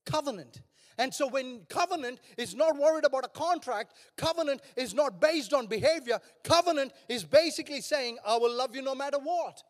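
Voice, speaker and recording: High-voiced older preacher in a reverberant hall. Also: male voice, normal speed. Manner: passionate, rising to shouts. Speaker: pastor. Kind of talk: sermon.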